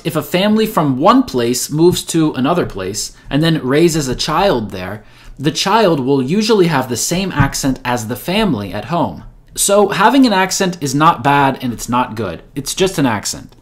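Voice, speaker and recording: A male native English speaker teaches with earnest, emphatic delivery, hammering home each point through repetition. His voice sits a little higher than most men's. He sounds like he is giving a motivational language lesson. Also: sing-song, normal speed.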